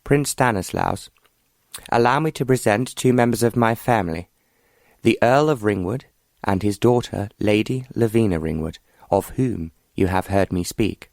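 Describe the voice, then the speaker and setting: An imperious queen, read by a man, speaks in a cold, formal way. The voice stays low and the read is dry. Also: normal speed, vocal fry, a little mellow, no room sound. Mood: cold, regal.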